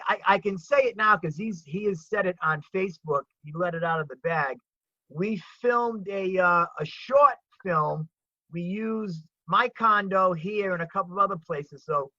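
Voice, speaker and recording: A man with a high, bright voice chats eagerly about comedy, often repeating himself for emphasis. He sounds close and dry through a dull, lo-fi video call connection. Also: dry recording. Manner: chatty, enthusiastic, repeats words. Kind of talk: casual video chat.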